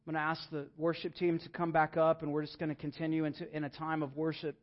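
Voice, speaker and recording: A young man with a notably high voice delivers a church sermon, earnest and pleading, dropping to quiet intimacy at times. The recording sounds dull and lo-fi, like a plain church capture. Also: monotone, fast, few pauses. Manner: earnest, rising to emphatic pleading then dropping soft. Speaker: pastor. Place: church sanctuary.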